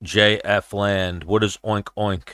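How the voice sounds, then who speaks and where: Blunt, bright-toned man hosting a chat. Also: on the low side, steady tone, slow pace, smooth, no room sound. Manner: blunt, profane, rambling. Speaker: podcast host. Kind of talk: casual livestream chat while watching fights.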